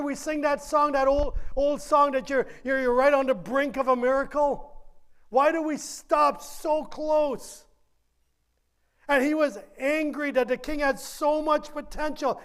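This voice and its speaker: Pastor guy preaching, pretty high pitched, keeps asking the same question over and over. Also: fairly bright tone. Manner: earnest preaching with repeated questions, some drawn-out lines. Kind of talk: sermon.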